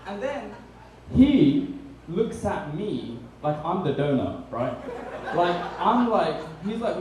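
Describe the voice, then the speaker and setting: Dry young British comedian on stage. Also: male voice, high-pitched, big pitch swings, slow pace, a little mellow. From Britain. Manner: dry, self-deprecating, many ums. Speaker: stand-up comedian. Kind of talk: stand-up comedy set. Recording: echoey room, distant mic, faint noise.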